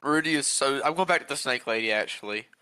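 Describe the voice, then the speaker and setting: A man playing a tabletop game, quick and playful. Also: medium pitch, a crowd in the background. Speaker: player.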